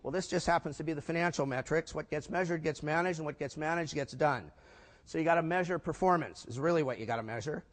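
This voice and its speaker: An older man giving a keynote talk at a business conference. He has a slightly high voice and a punchy delivery, often asking the crowd questions. A long reverb from the hall hangs behind him. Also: fast talker. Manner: punchy, asks the audience rhetorical questions. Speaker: keynote speaker.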